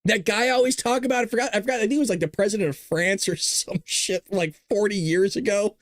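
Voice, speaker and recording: A man's voice: high voice, fast, dry recording, clean studio sound. Sarcastic male political commentary host. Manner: animated, sarcastic, laughing asides.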